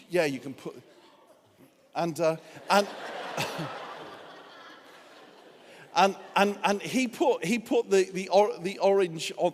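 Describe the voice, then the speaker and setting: Male guest preacher, high voice, anecdotal and earnest, long church reverb. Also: slight background noise. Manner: humorous storytelling turning earnest. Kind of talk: sermon. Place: church hall.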